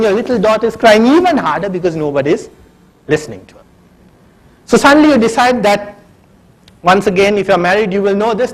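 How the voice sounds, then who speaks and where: A man's voice: sits high, rough recording. A man giving a conference keynote, telling a humorous story and talking straight to the audience. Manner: humorous, addresses audience directly. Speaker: keynote speaker. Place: conference hall.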